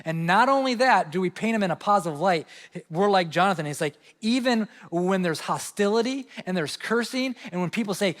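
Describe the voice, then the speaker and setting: A male pastor with a Midwestern American accent delivers an expository sermon. His voice sits high, and he swings from emphatic peaks to quiet low asides. The sound carries a long reverb from the church hall. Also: brisk. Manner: expository preaching, animated, rising emphasis and dropping to low asides. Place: church sanctuary.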